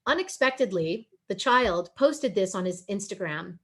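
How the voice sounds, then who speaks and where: A woman's voice: medium pitch, lively intonation, normal speed, fairly bright tone. Earnest woman presenting a webinar. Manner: earnest, pleading, emotional.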